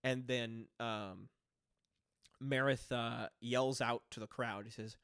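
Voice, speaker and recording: A man narrating a tabletop game as game master, relaxed and full of fillers. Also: medium pitch, moderate pace, clean tone, no echo, clean studio sound.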